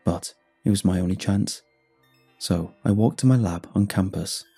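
Dark, husky male horror narrator. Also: faint music behind. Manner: measured, dramatic reading with sudden pitch lifts. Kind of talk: scripted first-person horror narration.

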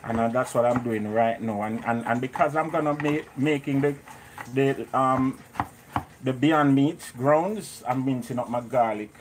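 A man's voice: mid-range voice, steady tone, unhurried, background noise. Chatty Jamaican man hosting a cooking stream. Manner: chatty, greets viewers by name. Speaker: cooking show host. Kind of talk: live cooking stream chat. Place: home kitchen.

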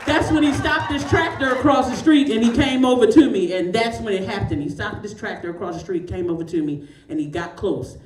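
A woman's voice: mid-range voice, lively intonation, fairly quick, hardly any pauses, reverberant, recorded from a distance, some chatter behind, slight background noise. A woman in her forties doing a stand-up comedy set, telling a profane story with big swings of her voice. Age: 40s. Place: comedy show in a large store.

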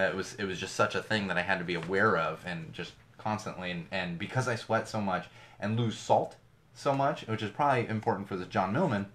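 A fairly low-pitched man chats through the news on his podcast mic. He is sarcastic and loose, and he fills his talk with "uh" and restarts. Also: a bit bright. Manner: chatty, sarcastic, many fillers and restarts. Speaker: podcast host. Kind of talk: casual podcast commentary on news. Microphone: podcast microphone.

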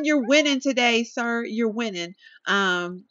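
A young woman talks her viewers through a life-sim game in a loose, chatty way, with a lively voice that leaps up when something delights her. The sound is close and dry, with slightly dull, muffled highs. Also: a little fast, no room sound. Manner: chatty, animated, talks to viewers as y'all, laughs often. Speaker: gameplay commentator. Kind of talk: casual let's-play commentary.

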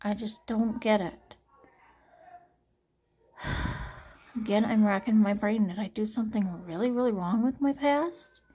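A woman's voice: mid-range voice, measured pace, pauses often, dull audio, slight background noise. A woman in her forties talking anxiously to camera in a personal late-night vlog, sighing often and trailing off. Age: 40s. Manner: anxious, frequent sighs, trailing off. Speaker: vlogger.

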